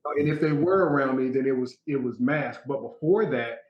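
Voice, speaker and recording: A man's voice: medium pitch, a little fast, echoey room, dull audio. A man being interviewed as a guest actor, telling stories casually and acting out quotes. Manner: animated storyteller, acts out quotes, laughs often.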